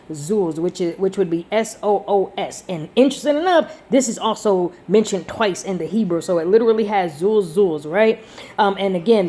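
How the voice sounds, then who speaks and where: A woman's voice: mid-range voice, dark tone. A woman teaching Bible study in a casual style. She speaks enthusiastically, breaks into "woo" and "ooh", and keeps checking in with her listeners. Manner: constantly checks in with the audience with "y'all" and "right?"; lots of fillers and restarts. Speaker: Bible teacher and channel host.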